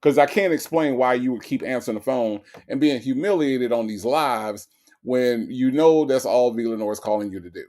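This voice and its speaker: A man's voice: mid-range voice, normal speed, darkish tone. A man hosting a comedic commentary stream, reading chat aloud and mocking with frequent laughs. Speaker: host.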